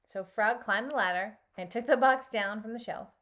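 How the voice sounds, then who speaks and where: A health coach reading a children's story aloud and then commenting on it in an animated way, with frequent laughs. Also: female voice, on the high side, normal speed.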